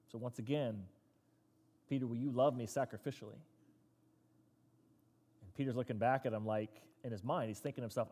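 A man's voice: medium pitch, brisk, pauses often, breathy edge. Man preaching in an echoing hall. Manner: animated storytelling, acting out quoted lines. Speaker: pastor. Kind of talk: sermon. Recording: long reverb of a large hall.

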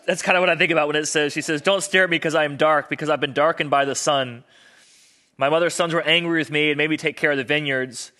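A man's voice: fairly high pitch, pushed and bright. A young man preaching a sermon on marriage to a live audience, conversational and self-deprecating, acting out the people he quotes. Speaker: pastor.

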